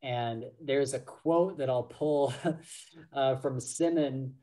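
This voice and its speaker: A man co-hosting a book podcast in a loose, casual chat. He speaks slowly and unhurriedly at a mid pitch, leaning on fillers and breaking into laughs often. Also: dark tone. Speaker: podcast co-host.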